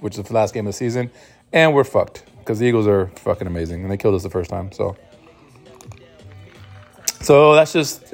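A man's voice: medium pitch, darkish tone. A man hosting his own podcast in a loose, rambling, profane monologue, full of restarts and sounding sleep-deprived. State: sleep-deprived new father. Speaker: podcast host. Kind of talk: casual solo monologue.

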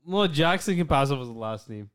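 A man's voice: medium pitch, animated, quick pace, fairly bright tone, clear, resonant tone. A young man co-hosting a podcast, teasing and rambling in loose banter, just over being sick. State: recovering from illness. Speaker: podcast co-host. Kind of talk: casual chat.

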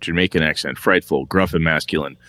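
A man co-hosting a casual gaming podcast, animated and swearing casually. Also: rumbling low, brisk, dry recording. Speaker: podcast co-host. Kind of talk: casual chat.

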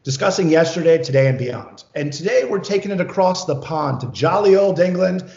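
Gravelly, enthusiastic male video-call host. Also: high-pitched, animated, a little fast, darkish tone. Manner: enthusiastic, chatty, laughs often. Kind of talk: casual interview chat. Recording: roomy, dull lo-fi sound.

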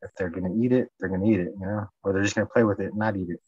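A man's voice: low-pitched, steady tone, rapid-fire, slightly rough, no room sound. A man talking casually in a loose, repetitive way, swearing often. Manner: repetitive, profane, loose talk. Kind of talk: casual chat. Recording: dull, lo-fi, dry recording.

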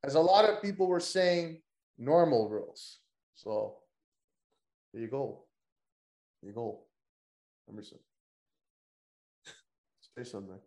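Joking, cursing wrestling podcast host. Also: male voice, mid-range voice, lively intonation, measured pace, pauses often, darkish tone, reverberant. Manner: loose, joking, profane banter. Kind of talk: casual wrestling podcast chat.

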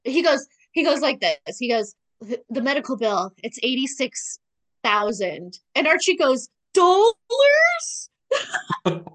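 A woman co-hosting a casual podcast, recapping a TV episode with sarcastic asides and quick acted-out lines of dialogue. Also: on the high side. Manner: animated, sarcastic, acts out character lines. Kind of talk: casual chat.

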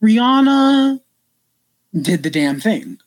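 With a fairly low voice and a measured pace, this podcast co-host talks candidly in a relaxed chat. She leans on fillers and swears now and then, and the audio has no echo.

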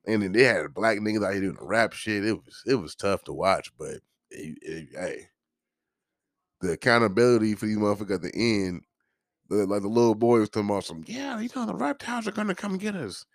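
Low-voiced man ranting profanely. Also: brisk, dry recording, studio quality. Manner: profane, heated and joking, breaks into laughs. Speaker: podcast host. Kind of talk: casual podcast rant.

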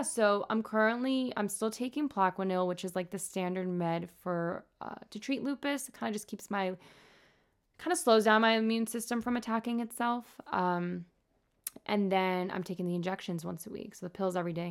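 A woman's voice: medium pitch, gravelly. A young adult woman, a nurse, speaks candidly and earnestly about her own experience in a casual vlog. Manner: candid and earnest, talking openly. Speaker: nurse sharing her own health story. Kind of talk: casual personal vlog talk.

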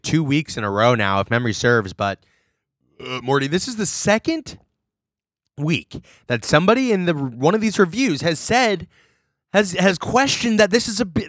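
A podcast co-host in casual chat, ranting in exasperation and swearing freely. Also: male voice, a little high, fairly bright tone, no echo, clean studio sound.

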